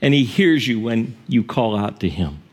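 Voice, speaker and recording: A male pastor preaching a sermon in an earnest, expressive storytelling manner, sometimes correcting himself mid-word. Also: medium pitch, normal speed, breathy edge.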